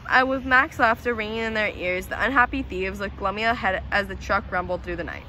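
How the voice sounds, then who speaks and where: A woman reading a children's storybook aloud, slowly and expressively. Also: medium pitch, sharp tone, slight background noise, rough recording. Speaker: student reader.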